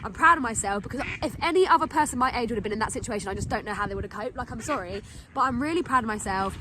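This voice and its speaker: A woman's voice: fairly high pitch, expressive, rapid-fire, pushed and bright, a little hiss or hum. A young woman hosting a podcast tells a story in a chatty, heartfelt way, saying "like" and "literally" again and again. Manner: chatty, gushing, full of "like" and "literally"; emotional, heartfelt. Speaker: podcast host. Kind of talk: casual storytime monologue.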